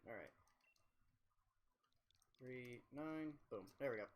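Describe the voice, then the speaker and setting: A young man chats casually on a game livestream. He rambles and swears freely while he mocks himself. His voice sits at an ordinary pitch. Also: measured pace, long pauses. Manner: rambling, profane, self-mocking. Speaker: streamer.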